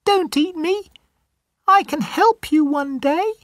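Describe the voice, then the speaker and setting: A man voicing a small, timid mouse in a children's storybook reading, speaking in a squeaky, pleading way. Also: slow, a bit bright, no echo, clean studio sound, exaggerated voice. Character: tiny timid mouse, small and eager to help.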